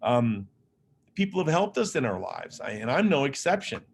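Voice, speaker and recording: A man's voice: mid-range voice, very animated, normal speed, gravelly, slight background noise. A man from Las Vegas giving a motivational keynote talk as an author and speaker. He tells personal stories in a humorous, conversational, self-deprecating way. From Las Vegas, Nevada, USA.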